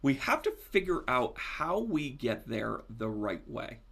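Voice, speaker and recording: Brief: male medium hosting a live tarot stream, joking and chatty, bright tone. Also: mid-range voice, measured pace, creaky. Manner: chatty, animated, joking with viewers. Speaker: psychic medium and tarot reader.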